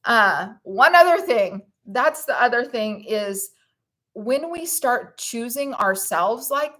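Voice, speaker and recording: A woman hosting a casual live stream, reading comments from the chat and talking in a warm, gushing, emotional way, at times choked up. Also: fairly high pitch. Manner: reads viewer comments aloud to the chat.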